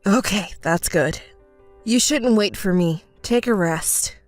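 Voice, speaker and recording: A woman's voice: medium pitch, slow, no echo, faint music behind, pitched below the performer's own voice, close to an everyday voice. A woman voicing an evasive young husband who keeps apologizing and making excuses. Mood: apologetic. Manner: placating, apologetic.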